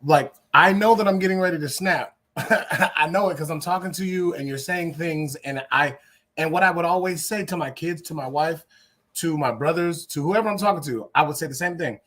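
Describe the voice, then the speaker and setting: A man in his forties talking in a casual panel, emphatic, swinging between loud bursts and quiet asides. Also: normal speed. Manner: emphatic, swings from loud to low, restarts a lot. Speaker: podcast co-host.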